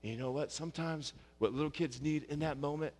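A man preaching a sermon, rising loud and high on his questions and dropping soft and low for quiet passages. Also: brisk, in a large hall. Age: young adult or middle-aged, a father of young kids. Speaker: pastor.

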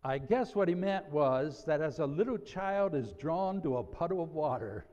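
A middle-aged male pastor preaching a sermon in a measured way, slowing down to read scripture. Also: on the high side, animated, darkish tone. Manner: measured, slows down on scripture quotes. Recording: dull audio in a reverberant hall.

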